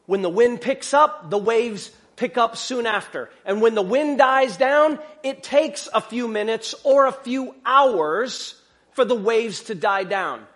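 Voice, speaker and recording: A pastor preaching a sermon in a conversational way, full of rhetorical questions and joking asides. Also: male voice, very high-pitched, takes it slowly, fairly bright tone.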